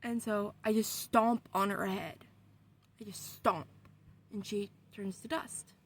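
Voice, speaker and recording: A woman vlogger telling a story in casual, excitable talk, swearing often. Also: medium pitch, slow.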